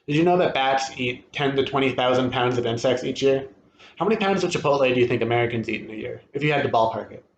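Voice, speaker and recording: A nervous young man, as a male reader puts him on, rattles off facts in a slightly lowered, quick voice. The middle-pitched voice carries in an echoey room, with a faint ambient hum behind it. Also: highs cut off, natural voice. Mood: chatty.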